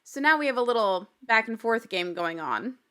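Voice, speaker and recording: A woman's voice: on the high side, lively intonation, normal speed, pushed and bright, clear, resonant tone. A woman hosting a casual TV recap podcast, chatty and gossipy, often breaking into laughter. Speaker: podcast host.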